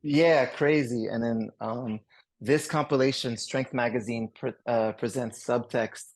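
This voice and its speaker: Man, French Canadian accent, gravelly voice, dry close sound, rambling casual podcast chat. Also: mid-range voice, unhurried, no echo. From Canada, Montreal. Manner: rambling and relaxed, many fillers and restarts. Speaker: guest DJ.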